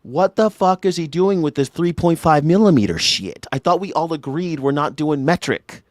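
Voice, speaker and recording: A man's voice: fairly high pitch, animated, moderate pace, darkish tone, no echo. A man hosting a live news reaction show, ranting with sarcastic mock outrage into a studio mic through a mixer.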